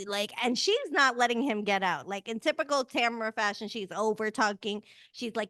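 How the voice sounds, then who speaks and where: A woman co-hosting a casual podcast, recapping a reality show in lively, profane chat and acting out the cast's lines. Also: fairly high pitch, brisk, hardly any pauses, no echo, studio quality. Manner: animated, profane, acts out cast members' lines. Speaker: podcast co-host.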